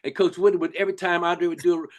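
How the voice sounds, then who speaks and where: An older man from Los Angeles, a former basketball player, telling stories in a casual, animated way with lots of restarts. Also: sits high, fast talker. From Los Angeles, USA. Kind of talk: casual storytelling.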